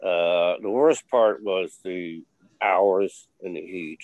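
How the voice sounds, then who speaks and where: A man's voice: low-pitched, takes it slowly, no room sound, phone-quality sound. An older man, an interview guest, telling rambling stories with lots of fillers and blunt swearing. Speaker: interview guest, former film crew member. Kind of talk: casual interview storytelling.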